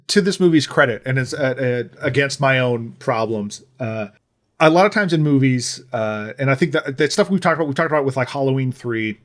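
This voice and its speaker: A man co-hosting a podcast in casual chat, rambling and sardonic, his talk full of fillers and false starts. His voice sits at an ordinary middle pitch. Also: brisk. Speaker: podcast co-host.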